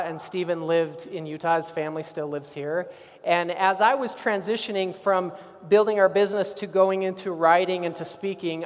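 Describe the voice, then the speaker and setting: A man of about forty giving an energetic storytelling keynote at a conference, often asking the audience questions. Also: high voice, big-room sound. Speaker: keynote speaker. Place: conference hall stage.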